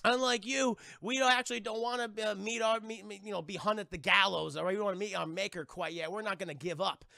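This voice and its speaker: A man voicing an exasperated male pirate prisoner who snaps and shouts indignantly. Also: sits high, quick pace, creaky, few pauses, no echo, clean studio sound, heavily acted. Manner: loud, snappy, indignant.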